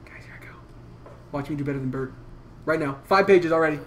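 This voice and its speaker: A man's voice: a little high, quick pace, slight background noise. A young man playing a horror game on stream, joking and nervously narrating his moves. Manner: jokey, nervous play-by-play. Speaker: gameplay co-host. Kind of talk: casual banter over a horror game. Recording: music playing loudly behind. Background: game music.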